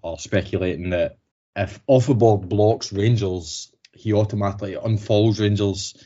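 A man's voice: lowish voice, fairly even intonation, normal speed, dark tone. A Scottish man co-hosting a football podcast, talking casually, swearing freely and restarting to stress his points. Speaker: podcast co-host. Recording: slightly dull lo-fi podcast audio.

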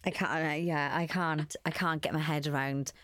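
A woman's voice: low voice, fairly even intonation, moderate pace, a bit bright, no echo. A young woman, co-hosting a podcast and reacting with exclamations. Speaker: podcast co-host. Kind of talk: casual chat.

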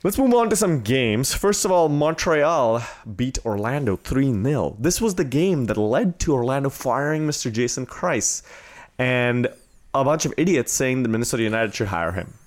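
A man's voice: medium pitch, moderate pace. A man hosting a casual sports podcast, joking crudely and ranting with energy. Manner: crude joking, animated rants. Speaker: podcast host.

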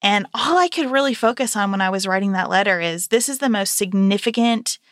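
A woman in her thirties, a podcast co-host, telling a family story in casual chat and lively quoting her child. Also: medium pitch, fairly quick, no echo, studio quality.

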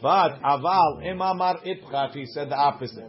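A man's voice: a little high, moderate pace, dull audio. A man teaching a Talmud class, reading the Aramaic in a sing-song study chant and explaining it in English.

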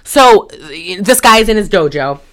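A woman's voice: mid-range voice, expressive, a little slow, a bit bright. A woman co-hosting a casual podcast, telling a profane, rambling story. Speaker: podcast co-host. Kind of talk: casual chat.

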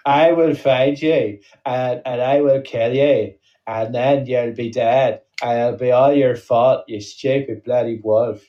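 A man doing an impression of a gruff action-film hero threatening a wolf, slow and mock-menacing. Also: medium pitch, fairly even intonation, mellow, lightly acted. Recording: dull, distant podcast audio.

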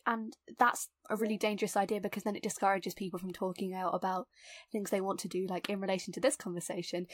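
A young woman makes her points in a casual podcast chat, earnest and articulate, and she often turns emphatic. Her voice sits at a middle pitch, and the recording is dry with no room sound. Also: no echo. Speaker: podcast co-host.

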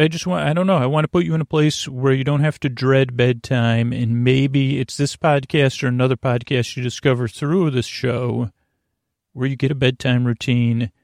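A man hosting a sleep podcast, talking in a creaky voice and wandering off on tangents in a meandering bedtime ramble. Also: medium pitch, darkish tone, no echo, clean studio sound.

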